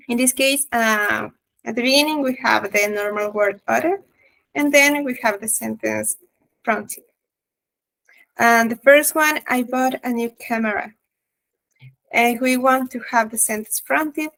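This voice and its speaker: Higher-voiced woman presenting grammar to class. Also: gravelly, a bit bright, poor audio. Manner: reads definitions and examples aloud with fillers. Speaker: student presenter.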